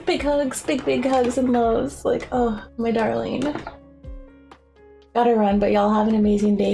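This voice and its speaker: A woman's voice: medium pitch, steady tone, normal speed, a little mellow, faint music behind. A young woman chatting casually on a live stream, rambling and giggling often, with a self-deprecating streak. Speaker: streamer and artist.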